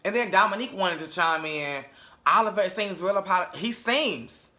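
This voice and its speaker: A man's voice: high-pitched, normal speed, sharp tone. A young man giving a casual, sassy and blunt reality TV episode review, swearing freely.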